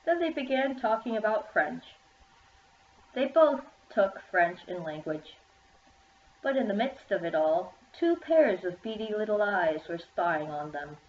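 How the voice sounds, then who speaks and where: A woman's voice: mid-range voice, expressive, unhurried. A woman reading her own children's story aloud in a plain manner. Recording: echoey room, dull lo-fi sound.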